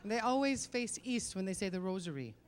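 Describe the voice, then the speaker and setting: A middle-aged woman performing a stand-up comedy set on stage, with punchy self-mocking delivery and quick rhetorical asides to the crowd. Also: mid-range voice, very animated, background noise.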